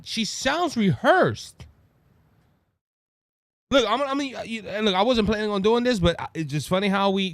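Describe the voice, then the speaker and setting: A man with a Cajun Louisiana accent hosting his own show, giving animated, mocking political commentary full of restarts and asides. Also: sits high, no echo. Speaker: podcast host.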